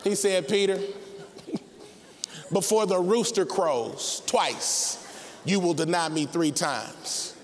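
Animated male preacher, high voice, half-sung lines, long reverb. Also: slow, long pauses, a faint crowd. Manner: animated, acts out characters, sings phrases. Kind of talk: sermon.

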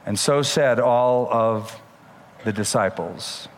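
A man preaching a sermon, retelling scripture with animated, emphatic delivery and shifting voices for the people in the story. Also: medium pitch, slow, long reverb tail, slight background noise. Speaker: pastor.

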